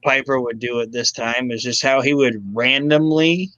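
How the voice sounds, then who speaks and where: Bright-voiced man, dry and dull sound. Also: mid-range voice, steady tone, moderate pace, no echo. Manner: laughing, mimics wrestlers while telling stories. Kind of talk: casual chat.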